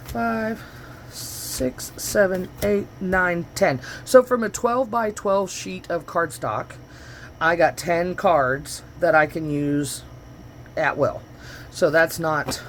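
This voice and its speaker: A woman's voice: fairly low pitch, a little hiss or hum. A woman vlogger chatting her way through a crafting demo in her home studio, rambling and correcting herself as she goes, picked up by the camera's own microphone.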